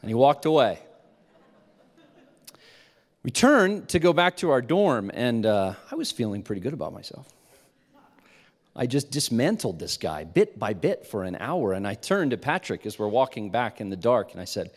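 A man preaching to a live audience, telling a self-mocking story with animation and dropping to a hushed tone when he reflects. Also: mid-range voice, very animated, normal speed. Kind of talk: sermon storytelling. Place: large hall with a live audience. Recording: long hall reverb.

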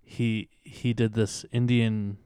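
Relaxed man with a smooth voice. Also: lowish voice, slow, dry recording, studio quality. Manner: relaxed, asks questions, laughs easily. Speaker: podcast co-host. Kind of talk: casual chat.

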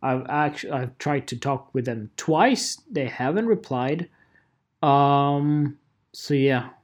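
A photographer vlogging in a casual rant, animated and profane, repeating phrases and laughing often. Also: mid-range voice, slow pace. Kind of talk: casual ranting vlog.

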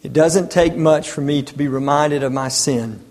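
High-voiced man preaching in a reverberant hall. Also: normal speed, a little mellow. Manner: rhetorical questions, emphatic preaching. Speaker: pastor. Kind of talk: sermon.

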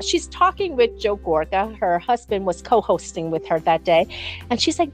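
A woman with a fairly high voice tells a winding gossip story in loose, casual chat. She swears freely and slips into the voices of the people she quotes. Faint music sits under the talk. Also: lively intonation, moderate pace. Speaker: podcast guest.

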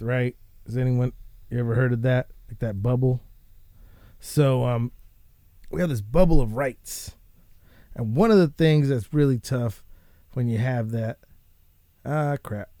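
A man hosting a casual show, ranting and swearing in a rambling, animated way. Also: medium pitch, no echo, studio quality. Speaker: podcast host.

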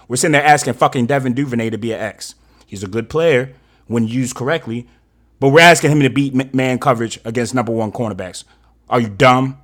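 A man co-hosting a sports talk show, ranting angrily and profanely about his team's coaching and drafting. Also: mid-range voice. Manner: angry, profane ranting, rising to shouts. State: fired up and frustrated. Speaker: sports podcast co-host. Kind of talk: heated casual sports rant.

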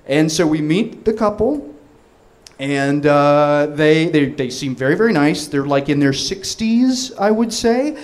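A man in his thirties tells a comic story with a voice pitched a little high. He rambles, restarts his sentences and laughs his way through the telling, all excitable energy. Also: measured pace.

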